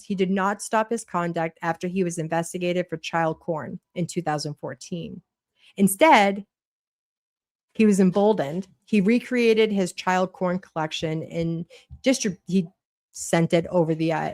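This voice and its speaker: A woman's voice: on the low side, no echo, clean studio sound. A woman with a Boston accent hosting a casual livestream, chatty and blunt, swearing freely while she reads a court document aloud. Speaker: livestream host.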